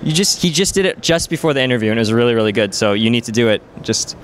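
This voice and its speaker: A man's voice: mid-range voice, animated, rapid-fire, a little hiss or hum. A man interviewing a player at a gaming event, chatty and playful, with lots of "um" and "like". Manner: chatty, filler-heavy, playful. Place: busy gaming event venue.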